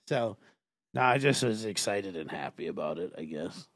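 A man hosting a podcast, chatting casually in a rambling, halting way with many fillers. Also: sits low, expressive, dry recording. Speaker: podcast host. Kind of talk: casual chat.

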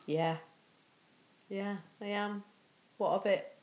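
A woman's voice: medium pitch, fairly even intonation, slow, a little mellow. A woman co-hosting a podcast in casual chat, giving short, mumbled answers. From Newcastle, England. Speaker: podcast co-host.

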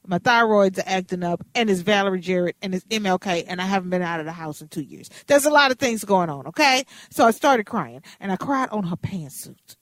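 Woman in her fifties, radio host, animated chatty storyteller, dry close sound. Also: medium pitch, fairly quick, few pauses, dry recording. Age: 50s.

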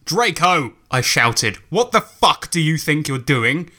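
Sharp, bright-toned man, podcast co-host, reading mockingly and ad-libbing asides. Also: on the high side, sing-song, a little slow. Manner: reads with mock emphasis, breaks off into laughter and asides. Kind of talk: comic dramatic reading.

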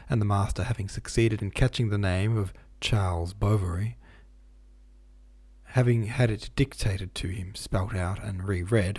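A man reading a classic novel aloud at a steady, measured pace, stopping now and then to explain the footnotes. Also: on the low side, husky. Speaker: audiobook reader.

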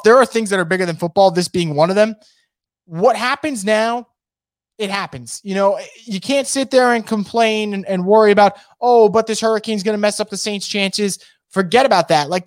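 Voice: medium pitch, dry recording, clean studio sound. Emphatic sports host who is losing their voice. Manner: opinionated, emphatic, repeats words for stress. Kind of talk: casual sports commentary.

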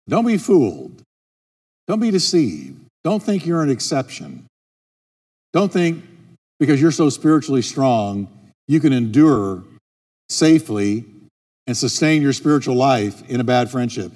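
A man's voice: mid-range voice, sing-song, a little slow, pauses often. A middle-aged man preaching a sermon as a pastor, driving his points home by repeating key phrases. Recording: long reverb with soft music.

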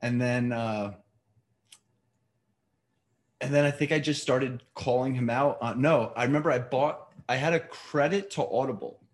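A man from New York, a podcast guest telling rambling, animated stories in casual chat. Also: medium pitch, measured pace, pauses often.

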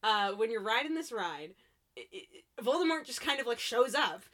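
Giggly woman chatting about a show, voice jumps all over, kinda high. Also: moderate pace. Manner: giggly, animated, acts out characters in squeaky voices. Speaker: podcast co-host. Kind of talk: casual chat recapping a show.

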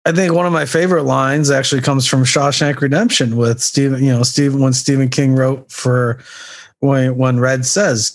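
A man of ordinary pitch talking casually as a co-host. He rambles, restarts his sentences and leans on "you know" as he works toward his point. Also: steady tone, moderate pace. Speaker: podcast co-host. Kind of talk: casual chat.

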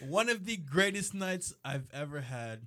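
Bright-voiced man telling a rowdy story. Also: fairly high pitch, a little slow. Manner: animated, swearing, acts out quotes, laughs mid-story. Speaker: podcast co-host telling a story. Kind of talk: casual storytelling with friends.

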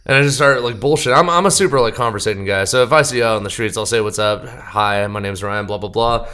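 A man's voice: fairly low pitch, fast, sharp tone, clean tone. Rambling, profane young man telling a story. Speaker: podcast guest, band member. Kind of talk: casual storytelling.

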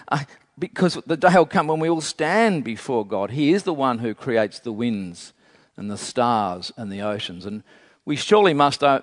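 Preacher man in a reverberant church. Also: mid-range voice. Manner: builds intensity with strings of rhetorical questions; conversational asides to the congregation. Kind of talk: sermon. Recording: long reverb of a church hall.

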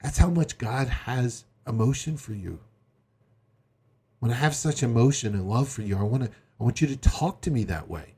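A man's voice: mid-range voice, expressive, normal speed, dark tone, slightly rough. A middle-aged man preaching a sermon as pastor, earnest and emphatic, acting out quotes along the way.

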